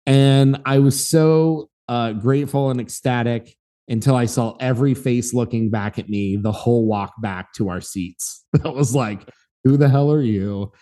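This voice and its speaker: A man in his thirties co-hosting a podcast, telling a story in a lively, casual way and acting out the voices in it. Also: mid-range voice, measured pace. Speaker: podcast co-host.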